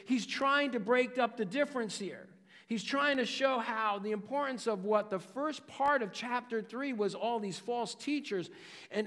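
A man preaching a sermon, emphatic, his voice swinging from strong declarations down to hushed, low drops. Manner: emphatic, rising and dropping to near whispers. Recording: long hall reverb.

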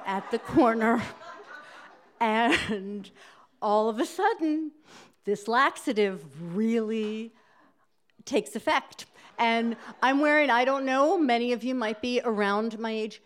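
A middle-aged woman tells a personal story before a live audience in a small hall. Her voice sits fairly high and she takes her time, stopping and restarting as she laughs her way through it. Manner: halting, self-interrupting, laughing through the telling.

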